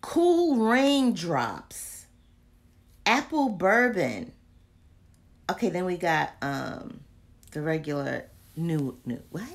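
A woman's voice: fairly low pitch, very animated, slow pace, creaky, pauses often. A woman vlogging casually to her viewers, chatty and exasperated, full of slang and muttered asides. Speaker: candle vlogger. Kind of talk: casual live chat to viewers.

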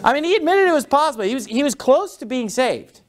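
A man's voice: very high-pitched, sing-song, fast, crowd noise. A man pastor preaching a sermon, explaining scripture verse by verse and acting out angry teeth-gritting to make his points.

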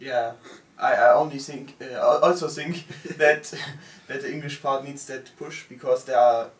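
A man's voice: mid-range voice, fairly even intonation, moderate pace. A man, chatting casually in English and arguing points back. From Germany. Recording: roomy sound from a distant mic.

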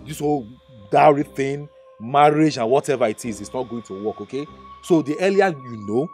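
An actor playing an evasive Nigerian fiancé. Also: male voice, animated, normal speed, close to an everyday voice. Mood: defensive. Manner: defensive, evasive, bursts into high shouts. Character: restless young fiancé, evasive and defensive. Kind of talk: Nigerian movie drama. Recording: faint background music score.

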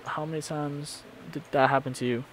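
A man preaching a sermon, retelling scripture stories in a halting way and often repeating his words. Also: on the high side, fairly even intonation, a little hiss or hum, low-quality recording. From Florida congregation. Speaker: pastor.

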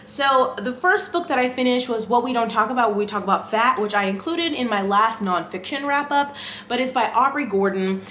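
A woman's voice: a little high, lively intonation, brisk, a bit bright, reverberant, a little hiss or hum. A young woman with a congested voice, chatting casually to camera about the books she read. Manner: chatty and self-deprecating. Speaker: booktube vlogger.

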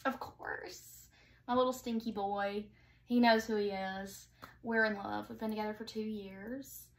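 A young woman co-hosting a casual chat, talkative and quick to agree, peppering her speech with "like". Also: medium pitch, steady tone, gravelly, distant mic. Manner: chatty, eager agreeing, lots of "like". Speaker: co-host.

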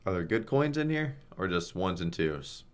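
A man streaming online slots, giving live commentary on each spin, swearing often and groaning or shouting at the results. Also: low-pitched, big pitch swings, normal speed, smooth.

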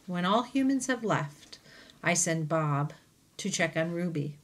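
A woman teacher reading a children's novel aloud to her class, with gentle, chatty asides between passages. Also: low voice, measured pace, slight background noise. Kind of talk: storybook read-aloud.

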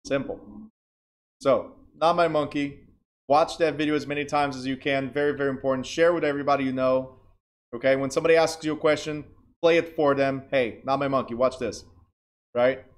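A man's voice: medium pitch, steady tone, brisk. A man teaching a real estate class in a plain, direct way, often checking that students understand.

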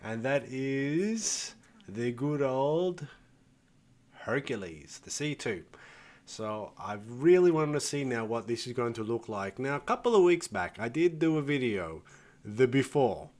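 A man's voice: mid-range voice, lively intonation, measured pace, a little mellow. An older man hosting a gaming video, chatting casually and thinking aloud as he plays, swearing freely and calling his viewers folks. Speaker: gaming channel host. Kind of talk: casual gameplay commentary.

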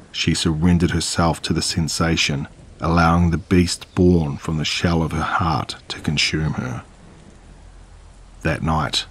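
Deep, husky male horror narrator.

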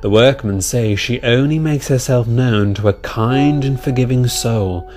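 A man voicing a kind, wise male steam engine explaining gently. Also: medium pitch, a little slow, soft background music, natural voice. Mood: earnest.

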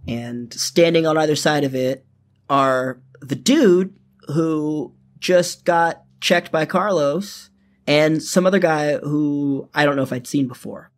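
A young man telling his own story in first person, casual and profane, full of fillers. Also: medium pitch.

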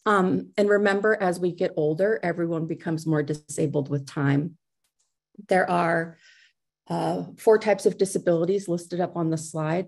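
A woman's voice: deep voice, a little mellow. A middle-aged woman giving a conference talk over a video call, speaking conversationally with fillers and restarts.

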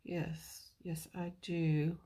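Woman planner-video host, slow gravelly low voice, mellow and husky, self-chatting crafter. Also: flat delivery. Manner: chatty, talks to herself while crafting. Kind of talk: casual plan-with-me narration. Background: birds chirping outside.

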